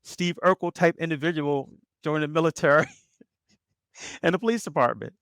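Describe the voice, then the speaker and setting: A man's voice: fairly high pitch, normal speed, smooth, dry recording, studio quality. A middle-aged man from Baltimore, a former police officer, telling his story in an interview and acting out the voices of the people in it. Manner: animated storyteller who acts out quoted voices.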